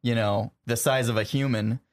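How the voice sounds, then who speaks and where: A man in a casual group chat, musing through a question in a relaxed way. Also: medium pitch, normal speed, slight background noise.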